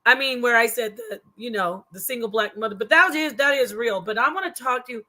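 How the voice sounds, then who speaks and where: A woman's voice: on the high side, brisk, pushed and bright. A woman hosting a live stream, talking to her chat in an emotional, casual way, with frequent restarts. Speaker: live stream host reacting to a video.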